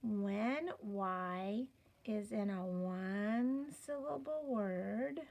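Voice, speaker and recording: A woman's voice: medium pitch, drawn-out words, vocal fry, a little mellow. A woman teaching a children's phonics lesson, sounding out letters patiently and encouraging the learners. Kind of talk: slow step-by-step reading lesson.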